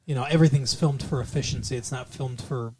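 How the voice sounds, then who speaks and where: A man's voice: mid-range voice, fairly even intonation, quick pace, noisy background. A man co-hosting a casual movie review podcast, rambling and joking, often breaking into mock impressions. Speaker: podcast co-host.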